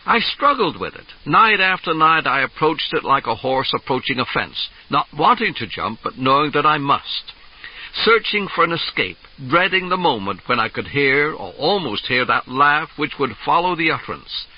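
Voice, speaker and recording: Man narrator for a reflective memoir read; husky, animated pitch, dull vintage tape. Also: moderate pace. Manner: reflective, first-person storytelling. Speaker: audiobook narrator. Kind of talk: reading a memoir aloud.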